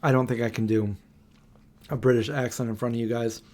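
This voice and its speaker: A man's voice: mid-range voice, steady tone, a little fast, darkish tone. Chatty man hosting a late-night livestream. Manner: rambling, chatty, reads out viewer comments. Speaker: livestream host.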